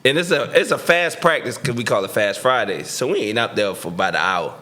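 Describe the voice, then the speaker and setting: A man's voice: medium pitch, a little fast. A middle-aged man, telling a story casually as a podcast guest and acting out the voices of the people in it. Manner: animated, slangy, acts out voices in his story. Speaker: podcast guest, former pro football receiver.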